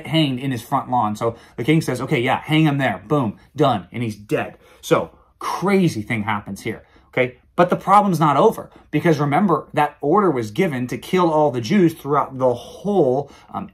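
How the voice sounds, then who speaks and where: A man with a mid-range, slightly breathy voice hosts a daily Bible reading video. He retells scripture in a chatty, casual way, full of fillers and restarts.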